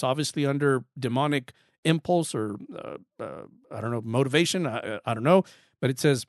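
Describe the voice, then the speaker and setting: A man's voice: medium pitch, normal speed, dry recording, clean studio sound. A man giving a Bible study lesson, talking earnestly and emphatically, often repeating words as he drives a point home. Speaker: Bible teacher. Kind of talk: Bible study teaching talk.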